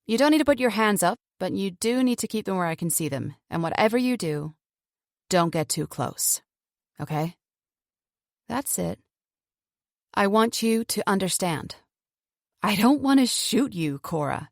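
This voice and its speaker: A woman's voice: medium pitch, animated, a little slow, creaky, pauses often, no room sound, clean studio sound. A woman reading an audiobook, voicing a chatty, patronising woman captor who holds a gun and talks falsely soothing. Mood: coolly menacing.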